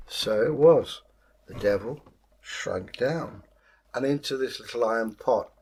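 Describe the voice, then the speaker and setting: A man's voice: medium pitch, a little mellow, slightly rough. A man, host of the channel, telling a folktale in a casual, playful way. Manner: unhurried, playful, slips into voices.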